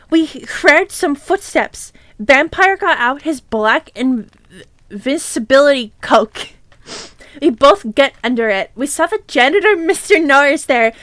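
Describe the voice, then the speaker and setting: A woman's voice: high voice, expressive, unhurried, a bit bright, dry recording. A woman streamer reading a fanfic aloud, irreverent and swearing, with giggly asides.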